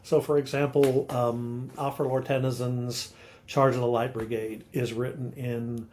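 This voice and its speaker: A man's voice: medium pitch, flat delivery, a little slow, darkish tone, a little hiss or hum. An older man with a mid-range voice holds forth as a literature scholar on a chatty podcast. He explains poetic terms with patient teacherly care. He often asks rhetorical questions and taps out the beat of a line as he reads it. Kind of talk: casual explanatory chat.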